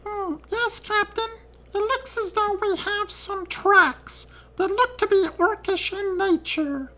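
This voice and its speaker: A man voicing a young male gnome scout, reporting formally to his captain in a high, thin voice. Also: slow pace, bright, forceful tone, exaggerated voice. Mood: dutiful. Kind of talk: tabletop game role-play.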